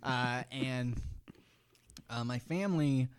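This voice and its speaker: A man co-hosting a podcast, telling stories in casual chat and loudly acting out other people's lines. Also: mid-range voice, takes it slowly, smooth. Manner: animated, acts out voices in shouts. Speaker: podcast co-host.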